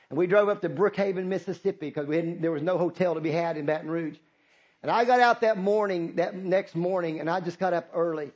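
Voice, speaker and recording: A man's voice: high-pitched, steady tone, fairly quick, a little mellow. A middle-aged man, preaching a sermon as pastor, impassioned and repetitive, calling out to the congregation.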